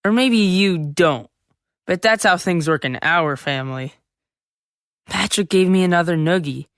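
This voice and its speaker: A woman playing a seventh-grade boy who narrates his own story in a full-cast audiobook, lively and chatty with sudden yells. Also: fairly low pitch, unhurried, no room sound. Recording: dry close studio sound.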